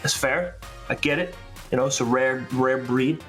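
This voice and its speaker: Deadpan chill bro adventurer, lower and bright-edged, totally unbothered, a man putting him on. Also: normal speed, faint music behind, close to an everyday voice. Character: laid-back deadpan male adventurer, bro-ish. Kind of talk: retelling a tabletop game.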